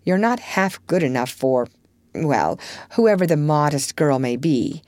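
A spirited, blunt young woman, as a woman reading a storybook puts her on. She talks in a low, close, dry voice, brisk when she scolds and gentle when she comforts. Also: expressive, dry recording. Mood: brisk teasing. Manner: brisk, scolding, then softly coaxing.

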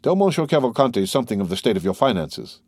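A man's voice: medium pitch, sing-song, fast, a little mellow, husky, dry recording, clean studio sound. A man voicing a composed, authoritative count in an audiobook, courteous and cool. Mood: commanding, courteous.

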